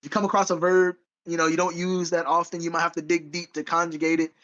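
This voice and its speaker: A man's voice: a little high, flat delivery, fast talker, a bit bright, dull audio. A man co-hosting a podcast in casual chat, rambling and correcting himself as he goes, with frequent laughs. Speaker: podcast co-host.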